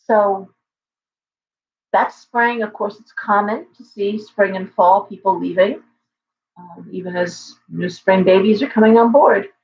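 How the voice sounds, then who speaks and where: A woman's voice: mid-range voice, a little hiss or hum. A woman who owns a shop, hosting a live stream and telling stories in a rambling way, often stopping and starting over. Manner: rambling, storytelling with halting restarts. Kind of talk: casual livestream chat. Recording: dull lo-fi stream audio.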